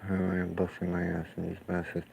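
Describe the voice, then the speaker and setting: A deep-voiced man with a rough, gravelly edge rambles through a profane, scornful rant. He talks as a painter reacting to clips, drifting from point to point with a faint hiss of noise behind him. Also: completely flat delivery, fast talker, a little mellow, rough recording. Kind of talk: casual ranting commentary while watching clips.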